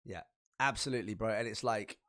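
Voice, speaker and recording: A man with a British accent, casually interviewing a guest as a stream team lead, excitable and swearing freely. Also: on the low side, fairly quick. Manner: animated, hype, swears freely.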